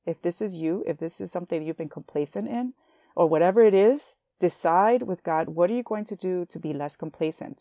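Young woman doing a faith podcast, lowish mellow voice, dry close sound, heartfelt and chatty. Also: no echo. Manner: earnest, heartfelt, addresses listeners as sister. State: emotional, near tears. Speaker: podcast host.

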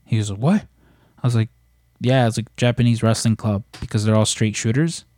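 A man's voice: lowish voice, fairly quick, dark tone, no room sound, studio quality. A man casually telling rambling stories in a podcast chat, with plenty of swearing. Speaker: podcast co-host.

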